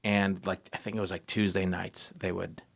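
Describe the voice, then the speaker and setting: A man chatting casually as a podcast guest, laid-back and chuckling, slipping into animated impressions. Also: deep voice, normal speed, creaky. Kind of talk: casual chat.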